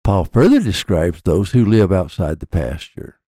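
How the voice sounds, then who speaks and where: Low, lively-pitched man teaching scripture. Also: husky, no echo, studio quality. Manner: measured, declarative statements. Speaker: podcast narrator.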